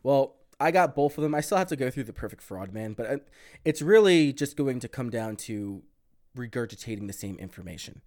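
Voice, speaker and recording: A man co-hosting a podcast, talking in a loose, profane, animated way with plenty of fillers. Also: medium pitch, brisk. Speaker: podcast co-host. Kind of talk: casual chat.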